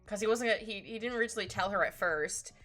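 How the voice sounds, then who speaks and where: A woman streaming her drawing session, chatting casually in a rambling, excitable way with frequent laughter. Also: mid-range voice, fast. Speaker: art streamer. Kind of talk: casual chat while drawing live. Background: faint background music.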